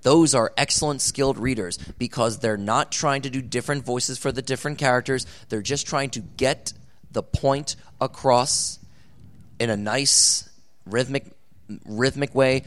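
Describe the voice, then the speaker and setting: A man speaking on a convention panel, giving animated, jokey advice on voice acting. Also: medium pitch, unhurried.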